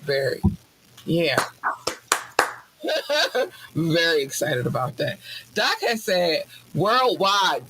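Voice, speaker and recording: A woman hosting a podcast in casual chat, bubbly and effusive, squealing with excitement. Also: low-pitched, a little hiss or hum. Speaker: podcast host.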